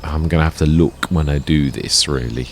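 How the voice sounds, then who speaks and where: Man, deep gravelly voice, rambling let's play host, faint game ambience behind. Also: moderate pace, slight background noise. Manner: chatty, rambling, self-correcting. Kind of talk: casual gameplay commentary.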